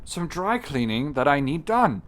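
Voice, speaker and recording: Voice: medium pitch, sing-song, a little slow. An improv actor in a comedy scene, playful and prone to dramatic overreactions. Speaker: podcast co-host, actor. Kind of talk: improvised comedy role-play.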